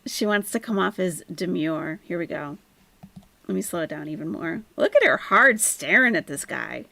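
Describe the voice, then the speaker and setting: A woman's voice: lowish voice, expressive, moderate pace, gravelly, bright, forceful tone, dry recording. A woman hosting a reaction commentary, wry and amused, talking at her computer close to the mic. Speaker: commentary host.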